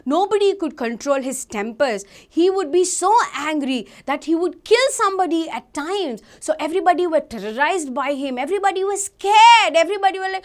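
High-voiced woman telling a Bible story. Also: moderate pace, hardly any pauses. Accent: Indian English. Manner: animated, asks children questions. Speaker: Sunday school teacher.

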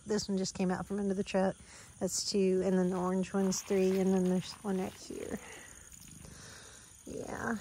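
A Southern American woman filming herself outdoors, sweet-talking animals in a soft, cooing baby-talk voice. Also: mid-range voice, slight background noise. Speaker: vlogger and mother on a family farm. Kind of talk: casual vlog, coaxing animals. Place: outdoors on a rural roadside.

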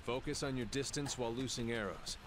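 A man voicing a helpful male trainer in a video game, giving brisk tutorial instructions. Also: mid-range voice, background noise, natural voice. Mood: instructive.

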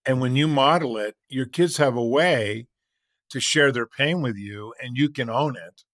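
An older man speaks with a bright, forward voice, preaching in an earnest tone and telling lively stories. The sound is close and dry, with no room around it. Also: medium pitch, a little slow, no echo. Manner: animated storyteller, shouts and laughs in acted scenes. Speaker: podcast guest, author. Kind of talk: storytelling conversation.

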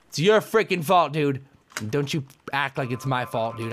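A man giving excitable, frustrated commentary while playing a video game, yelping and ranting. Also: mid-range voice, moderate pace, a little hiss or hum. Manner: excitable, frustrated, yelps and rants. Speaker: gamer. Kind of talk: gameplay commentary.

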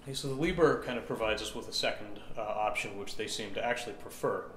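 A man's voice: on the low side, fast, a little hiss or hum. A man teaching chant rhythm, explaining step by step, counting beats aloud and often checking in with "right?". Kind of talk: instructional explanation with sung examples. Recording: echoey room with faint ambience.

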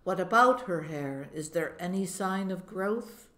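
A woman's voice: lowish voice, lively intonation, a little slow, pushed and bright. A woman reading the part of a stern, skeptical male immigration official in an audiobook, dry and questioning. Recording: roomy echo.

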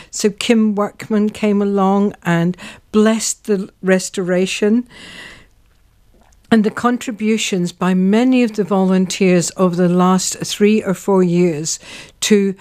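A woman's voice: mid-range voice, a little mellow. A woman hosting a local history show, chatting casually and searching for words with the odd filler. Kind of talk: casual radio-style chat.

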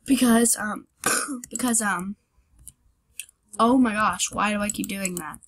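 A woman's voice: medium pitch, slow, fairly bright tone, a little hiss or hum. A young woman hosting her own channel, giving rambling, self-deprecating casual commentary on a parkour game and yelping at her fails, with keyboard clicks behind her. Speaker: gaming channel host.

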